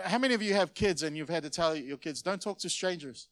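A pastor gives a sermon in church, talking to his congregation like he's chatting with them, then suddenly punching a phrase out loud. His voice sits a little higher than most men's. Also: quick pace, few pauses. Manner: conversational preaching, sudden loud emphases.

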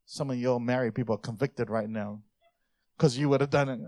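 A man preaching a sermon, lively and conversational, dropping soft then rising loud, acting out voices in his stories. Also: medium pitch, brisk, dry recording, clean studio sound. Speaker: pastor.

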